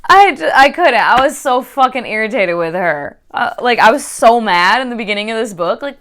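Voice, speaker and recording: A woman's voice: fairly high pitch, animated, normal speed, a bit bright. A woman giving a casual book review, exasperated and swearing often.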